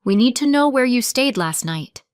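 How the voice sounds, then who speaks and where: A kind but worn-out shelter intake worker, voiced by a woman narrator, businesslike and weary. Smooth voice, dry close recording. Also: a little high, lively intonation, normal speed, dry recording, voice pushed up, lightly acted.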